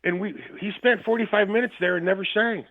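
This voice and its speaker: A man's voice: sits high, fairly even intonation, fairly quick. A man calling in as a guest musician, telling rambling, profane stories with frequent laughs. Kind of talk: casual storytelling chat. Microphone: phone call. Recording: tinny phone line.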